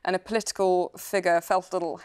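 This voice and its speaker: Animated actress talking about her work. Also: lowish voice, fast talker, clean tone. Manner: animated and thoughtful, frequent fillers. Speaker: actress guest. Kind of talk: casual chat show interview.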